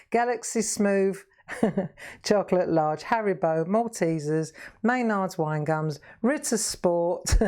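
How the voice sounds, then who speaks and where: A woman's voice: medium pitch, darkish tone. A middle-aged woman chatting casually to viewers while crafting live, laughing often. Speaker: craft livestream host.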